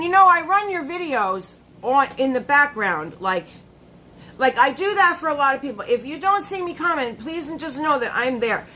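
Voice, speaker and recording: A woman's voice: high voice, pushed and bright, slight background noise, poor audio. A woman hosting a casual live stream, chatty and laughing often, greeting her viewers by name.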